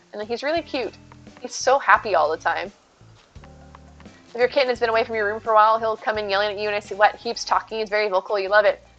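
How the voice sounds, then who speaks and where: A woman streamer with a voice on the high side and a bit bright chats with her viewers while playing, sweetly discussing her cat. The audio sounds dull.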